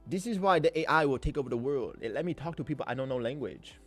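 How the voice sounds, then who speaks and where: A man putting on a halting broken-English voice. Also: mid-range voice, expressive, faint music behind, lightly acted. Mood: playful.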